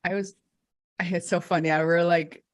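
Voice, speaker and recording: Lively woman host, lowish voice. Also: measured pace. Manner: animated, acts out quotes, laughs often. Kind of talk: casual interview chat.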